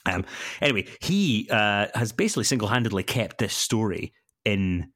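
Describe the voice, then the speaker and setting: A man with a very low voice co-hosts a casual chat podcast, hesitating often and correcting himself as he goes. The sound is dry and close, with no room around it. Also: expressive, normal speed, fairly bright tone, dry recording. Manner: hesitant, many ums and self-corrections. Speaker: podcast co-host.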